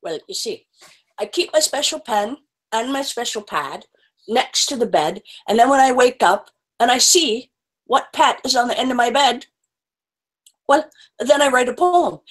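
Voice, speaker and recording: A woman's voice: on the high side, expressive, a little slow, rough recording. Playful woman storyteller for children. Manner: playful, with animal sound effects.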